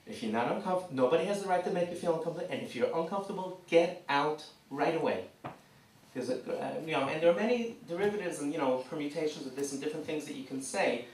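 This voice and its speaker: A man speaks to a room of parents in a lively, animated way, breaking into quick acted-out scenes. His voice sits a little high for a man. The sound is echoey and picked up from well off the mic. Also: a little hiss or hum. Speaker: seminar speaker. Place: community hall. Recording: echoey hall, mic from far off.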